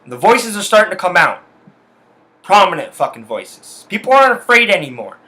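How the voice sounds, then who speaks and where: A man's voice: high-pitched, sing-song, a little fast, pushed and bright. A young man ranting angrily in a solo monologue, swearing a lot and hammering his points with emphasis. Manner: angry, profane, emphatic. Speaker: podcast host.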